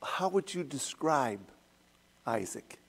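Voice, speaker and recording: A man's voice: mid-range voice, sing-song, vocal fry, breathy edge. A man leading a church Bible study, retelling the story in a conversational way and asking the group questions. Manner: unhurried, conversational storytelling with acted quotes.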